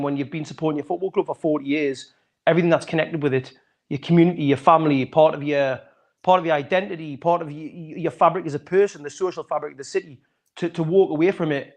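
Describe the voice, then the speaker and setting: A middle-aged man, a guest on a fan podcast, answering candidly in long reflective sentences over a video call. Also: on the high side.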